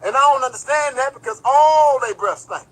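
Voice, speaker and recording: An online commentator on a livestream tells a rambling, profane story, speaking directly to his viewers and reading chat aloud. His voice is very high and a bit bright at a moderate pace, in a rough recording.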